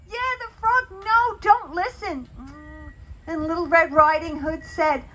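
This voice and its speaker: Woman, children's storyteller, very high voice, slow and unhurried, asks kids questions. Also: slight background noise, rough recording. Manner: animated, asks young listeners questions. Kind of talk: children's story time, puppet telling.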